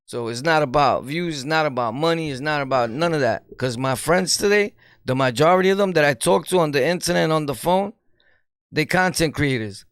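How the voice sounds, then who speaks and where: A man with a New York accent, a streamer giving an animated, preachy commentary in street slang and laughing often. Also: a little high, moderate pace, clear, resonant tone, dry recording, studio quality. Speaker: streamer and YouTuber. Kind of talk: casual commentary monologue.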